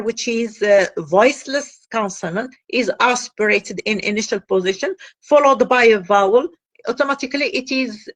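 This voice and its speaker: Halting woman lecturing on phonology. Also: fairly high pitch. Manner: halting explanation, frequent "uh" and "that is", repeats key phrases. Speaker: linguistics teacher. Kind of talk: classroom lecture.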